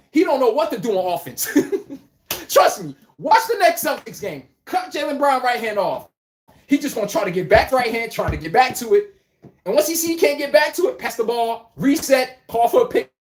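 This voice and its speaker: Brash, lively woman hosting sports talk. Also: on the high side. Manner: brash, emphatic and slangy, calling out viewers by name. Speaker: sports podcast host. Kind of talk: live sports talk show commentary.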